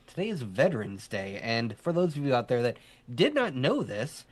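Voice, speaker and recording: A man's voice: mid-range voice, big pitch swings, normal speed. A man co-hosting a casual live show, chatty and rambling, laughing often and teasing his partner. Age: adult army veteran. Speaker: co-host. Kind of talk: casual podcast chat.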